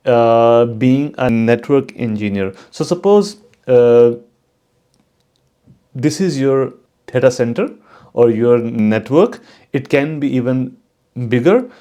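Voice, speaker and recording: Slow, mellow-voiced man explaining code. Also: medium pitch. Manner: unhurried, plain, with many fillers and restarts. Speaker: channel host teaching network automation. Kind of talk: casual tutorial explanation.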